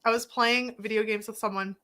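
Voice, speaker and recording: A woman's voice: fairly high pitch, fairly even intonation, a little fast, bright, forceful tone. A woman with an Appalachian accent, chatting casually as co-host and rambling through stories with lots of fillers. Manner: rambling, filler-heavy storytelling. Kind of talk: casual chat.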